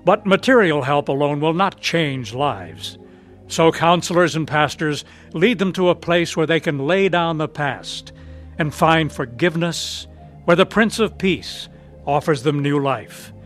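A man announcing and narrating a radio drama in a measured, earnest way. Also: fairly high pitch, lively intonation, a bit bright, soft background music.

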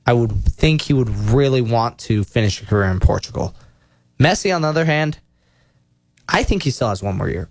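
A young man hosting a casual sports talk show, rambling, correcting himself and getting excited as he goes. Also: mid-range voice, fairly quick, no room sound, clean studio sound. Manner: rambling, self-correcting, enthusiastic.

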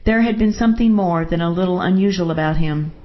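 A woman narrating a first-person story in a steady, measured way. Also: fairly low pitch, muffled recording.

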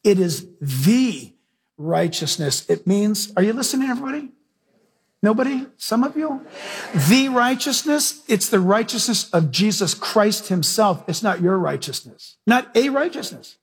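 A male preacher giving an emphatic sermon, asking his listeners direct questions and telling lively stories. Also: high-pitched, moderate pace, slightly rough. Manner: emphatic, questions the audience, animated storytelling.

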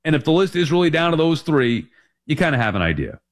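A man's voice: a little high, sing-song, fast talker. A man in his forties hosting a sports talk show, rambling and emphatic as he corrects himself. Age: 40s.

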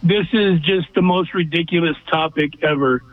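A man's voice: on the high side, moderate pace, no room sound. A man from Southern California calling in to a sports radio show, with blunt and emphatic opinions. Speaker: regular caller. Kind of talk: call-in sports talk radio. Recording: tinny phone line, dry.

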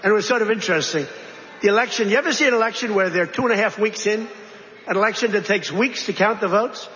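A politician speaking to a crowd, rambling between topics with repeated phrases, asides and rhetorical questions. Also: male voice, sits high, quick pace, bright, forceful tone. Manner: digressive, repetitive, conversational asides and rhetorical questions. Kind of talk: rambling campaign-style speech. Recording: dull, reverberant hall recording with faint noise.

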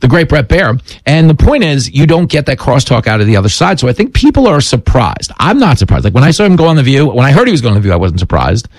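A man's voice: mid-range voice, big pitch swings, quick pace, few pauses, no echo. A man hosting a radio talk show, chatting casually and joking, slipping into playful bits. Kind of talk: casual comedic chat.

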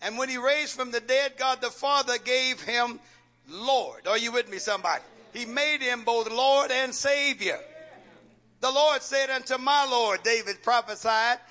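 A man's voice: very high-pitched, bright, forceful tone. A man pastor preaching a call-and-response sermon in church, firing rhetorical questions at the congregation, coaxing and joking.

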